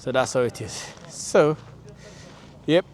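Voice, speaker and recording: A man's voice: medium pitch, animated, slow pace, darkish tone. A man talking casually as a travel vlogger outdoors, in loose, repetitive, chatty commentary. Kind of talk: casual vlog narration. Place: outdoors around a town.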